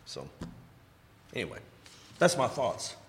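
A man's voice: medium pitch, wildly swooping pitch, slow, gravelly, a bit bright, a little hiss or hum. A man talking casually as a sponsor, emphatic and repeating his main points. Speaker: recovery sponsor. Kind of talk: casual chat. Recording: echoey hall.

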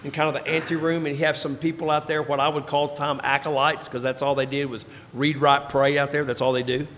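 A man giving a personal recovery testimony, telling his story and dropping into quiet, low tones for emphasis. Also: level tone, fast talker. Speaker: recovery speaker. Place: large hall before an audience. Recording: reverberant hall, faint ambience.

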